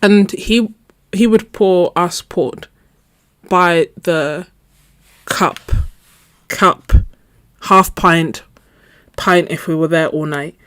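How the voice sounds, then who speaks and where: A young adult woman chatting casually with her viewers, telling an animated story and laughing often. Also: fairly low pitch, extremely slow, pauses often, clear, resonant tone, no echo, clean studio sound. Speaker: art channel host. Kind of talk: casual live chat story.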